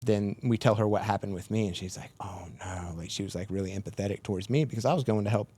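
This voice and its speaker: A man with a lowish, mellow, slightly rough voice talks very fast. As a podcast guest, he casually tells a long, rambling story, his retelling packed with "like" fillers.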